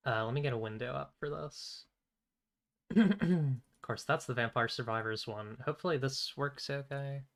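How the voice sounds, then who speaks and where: A man's voice: mid-range voice, moderate pace, a bit bright. A man streaming a video game, chatting casually and rambling while keeping his voice down. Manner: rambling, keeps his voice down, frequent throat clearing. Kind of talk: casual let's-play commentary.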